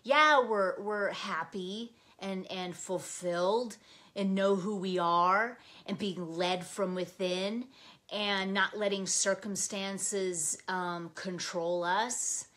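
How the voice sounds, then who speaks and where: An older woman hosting a live planner stream, chatting in a gushing, excitable way, with frequent "okay?" and bursts of laughter. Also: mid-range voice, slow. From Nebraska, US. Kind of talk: casual live-stream chat.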